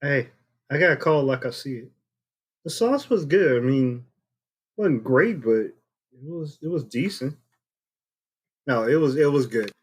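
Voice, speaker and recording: A man's voice: mid-range voice, expressive, normal speed, long pauses, slightly rough. A man co-hosting a podcast from home, putting in short, dry, teasing remarks. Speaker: podcast co-host. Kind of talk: casual podcast chat.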